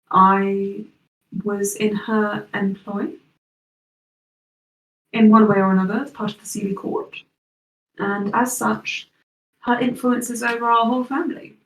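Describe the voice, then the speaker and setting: A woman's voice: mid-range voice, fairly bright tone. A woman voicing a doting fey grandmother who gushes and calls everyone darling. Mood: gracious. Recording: roomy, distant mic.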